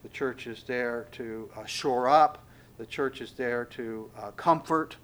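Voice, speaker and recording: A man preaching a sermon, pausing often with fillers and acting out short bits of dialogue. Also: medium pitch, fairly bright tone. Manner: halting, many fillers, acts out dialogue. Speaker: pastor.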